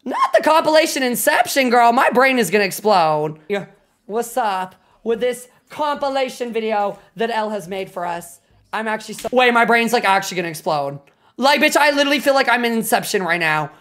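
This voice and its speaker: Excitable, foul-mouthed young woman streamer. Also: on the high side, brisk. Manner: excitable, swears constantly, bursts into loud laughter. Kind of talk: casual livestream reaction chat.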